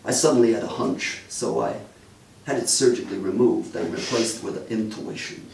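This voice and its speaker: Deadpan man in comic detective patter. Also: lowish voice, moderate pace, creaky. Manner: deadpan mock-official patter, addresses the audience. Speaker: comedian in character as a detective. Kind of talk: live stand-up character comedy. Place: live comedy venue. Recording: echoey live room, distant mic, faint noise.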